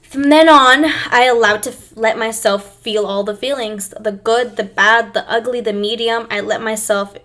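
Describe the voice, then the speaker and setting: Young female host, slightly high voice, personal to-camera talk, reflective and emotional, halting delivery. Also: steady tone, fairly bright tone. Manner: emotional, reflective, with pauses and restarts.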